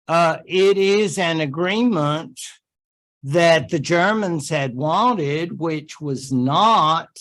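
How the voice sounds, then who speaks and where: A man giving a history lecture to a class in a chatty way, with joking asides and quick made-up quotes. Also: a little high, a bit bright.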